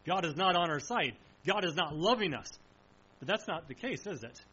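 A man preaches a sermon with a high, bright voice. His delivery is earnest and emphatic, and he slows right down to stress the key lines. The recording sounds dull and lo-fi. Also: expressive, slight background noise.

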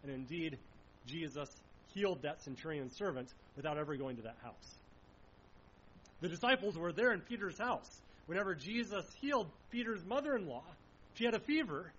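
High-voiced man preaching a sermon. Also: fairly bright tone, muffled recording, slight background noise. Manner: earnest, uses rhetorical questions, some restarts.

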